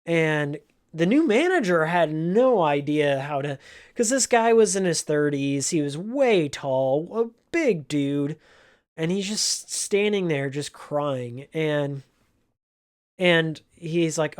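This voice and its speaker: A vlogger who used to clerk at a game store tells an emotional story about that job, his voice on the high side with lively intonation and a clean tone. He goes slowly and earnestly, in a heartfelt, casual vlog setting.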